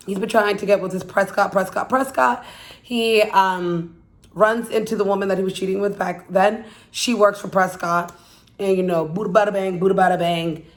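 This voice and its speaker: A woman hosting her own channel, casually recapping a film's plot in a rambling way, full of "like" and "you know," and swearing bluntly. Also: medium pitch. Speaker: YouTube channel host.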